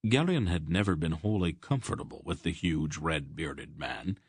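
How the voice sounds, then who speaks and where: A man narrating a fantasy audiobook in a measured, expressive storytelling way. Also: extremely low pitch, slightly rough, dry recording, clean studio sound.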